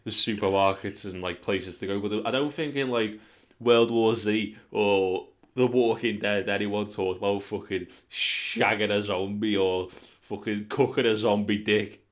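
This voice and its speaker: Sweary, lower-voiced lad. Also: male voice, fairly even intonation, unhurried. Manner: sweary, jokey. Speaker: podcast co-host. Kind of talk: casual banter.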